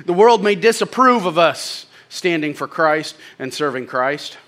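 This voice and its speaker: A man preaching with a high, bright, ringing voice. He swings between loud, forceful peaks and quiet, hushed lines, and slips in folksy, humorous asides. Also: lively intonation, moderate pace, hardly any pauses. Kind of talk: sermon.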